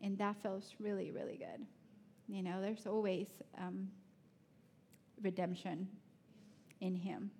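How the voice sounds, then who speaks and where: A woman giving a sermon, telling personal stories in an animated way with laughter and soft, prayerful asides. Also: medium pitch, slow, slight background noise. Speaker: speaker at a church.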